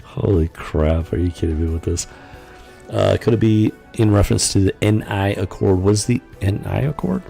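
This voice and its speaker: A man's voice: lowish voice, normal speed, gravelly, mellow, faint music behind. A man hosting a live stream, commenting casually and rambling with lots of fillers and incredulous asides. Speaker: podcast host.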